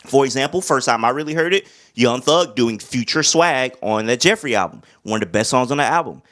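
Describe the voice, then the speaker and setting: Speaking briskly in a mid-range voice, a young male music reviewer breaks down an album in casual slang. He keeps it animated, often humming beats and doing rapper imitations.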